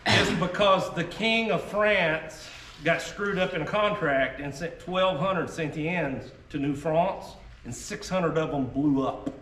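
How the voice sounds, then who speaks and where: A man's voice: on the high side, takes it slowly, a bit bright. A man with a Southern US accent talking casually to reenactors about muskets, folksy, often checking in with "okay?". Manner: folksy, keeps tagging "okay?". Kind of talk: casual talk to a reenactor group. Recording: echoey sound from a distant mic with faint noise.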